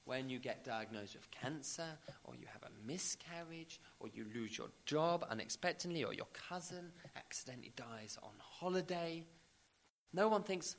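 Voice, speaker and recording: A man's voice: on the high side, normal speed, slight background noise. A man preaching a sermon, emphatic, building to rising repeated questions.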